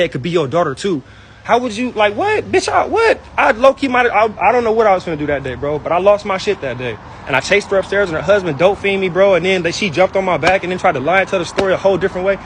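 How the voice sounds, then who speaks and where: High-pitched, fast-talking man ranting angrily. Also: a bit bright, a little hiss or hum, poor audio. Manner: angry, hurt, repetitive, slangy. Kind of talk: heated personal rant.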